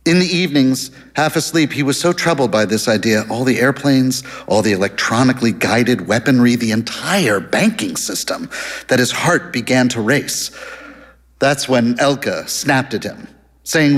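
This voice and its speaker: A man's voice: medium pitch, expressive, normal speed, fairly bright tone. Man narrating a story with hall reverb.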